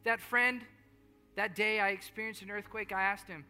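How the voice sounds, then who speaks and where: A man preaching a sermon as pastor, earnest and repetitive, moving between hushed storytelling and rising appeals. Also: high voice, steady tone, normal speed, clear, resonant tone. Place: large church hall. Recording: long hall reverb with faint music.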